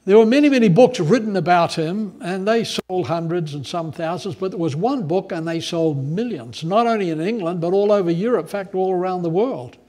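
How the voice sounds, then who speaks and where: Speaking a little fast with hardly any pauses, a male pastor preaches in a fairly high voice. His sermon stays animated and conversational as he alternates between explaining scripture and telling stories.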